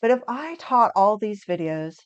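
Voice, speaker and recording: Woman teaching a lesson on feelings, upbeat and inviting, mid pitch, dry slightly muffled sound. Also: lively intonation, normal speed, clear, resonant tone, dry recording. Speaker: resilience educator. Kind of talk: video lesson on emotions.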